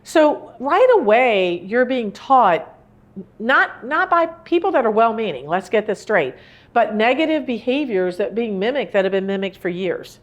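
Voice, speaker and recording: A woman's voice: on the high side, expressive, unhurried. A woman in her sixties giving a live talk on grief, speaking in an earnest, rambling, conversational way. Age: 60s. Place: indoor room with a live audience.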